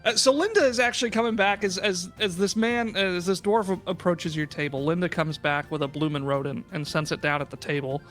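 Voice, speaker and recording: A woman narrating as game master of a tabletop game, giggly and halting, with many fillers. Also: fairly low pitch, faint music behind.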